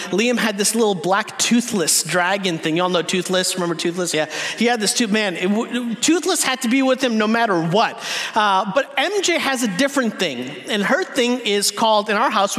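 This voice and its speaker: A man in his thirties preaching a sermon, a lively and humorous storyteller who speaks straight to the congregation. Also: high voice. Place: church sanctuary. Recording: long reverb of a church hall.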